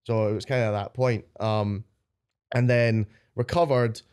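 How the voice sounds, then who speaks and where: A man's voice: on the low side, fairly even intonation, unhurried, darkish tone, clean tone. A young adult man with a Scottish accent, a guest on a podcast, telling stories in a chatty, rambling way and swearing freely. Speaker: guest powerlifter. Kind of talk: casual podcast chat.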